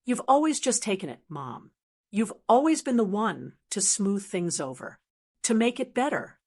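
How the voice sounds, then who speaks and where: A man's voice: high-pitched, big pitch swings, moderate pace, exaggerated voice. Lady reading a crying forty-something son, broken apologetic voice. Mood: remorseful. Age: 40s. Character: grown son, ashamed and tearful.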